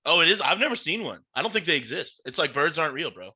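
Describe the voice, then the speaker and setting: A man chatting casually on a podcast, joking with quick interjections. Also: on the high side, very animated, bright, forceful tone, slightly rough, highs cut off. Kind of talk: casual chat.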